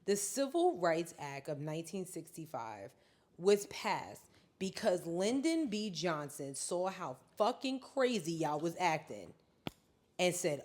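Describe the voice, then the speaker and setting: A woman's voice: lowish voice, big pitch swings, measured pace, darkish tone. Blunt, emphatic woman podcast co-host. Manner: emphatic, blunt, swears freely. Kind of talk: casual chat.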